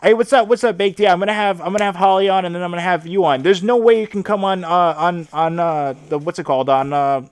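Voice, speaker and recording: A man's voice: high voice, fairly even intonation, fast, few pauses, clear, resonant tone, dry recording. A man hosting a livestream, ranting sarcastically with lots of swearing and filler words. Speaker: streamer host. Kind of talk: casual livestream rant.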